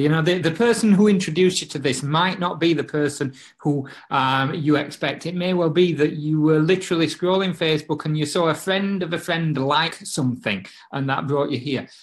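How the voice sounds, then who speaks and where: British man, upbeat sales co-host. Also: on the high side. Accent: British English. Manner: chummy and encouraging, says mate. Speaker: co-host of a marketing webinar. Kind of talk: casual live-stream sales talk.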